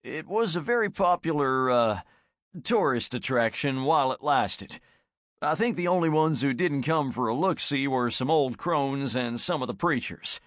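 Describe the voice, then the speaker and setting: An easygoing young man speaks mildly and relaxed, as voiced by a male audiobook narrator. His lively voice carries a quiet amusement, recorded dry and close. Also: medium pitch, moderate pace, no echo, lightly acted. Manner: mild, relaxed.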